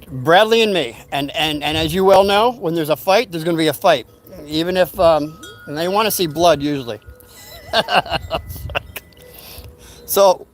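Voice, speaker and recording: An older man casually telling a rambling story from his youth, acting out what people said. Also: on the high side. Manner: rambling, animated retelling with acted-out quotes.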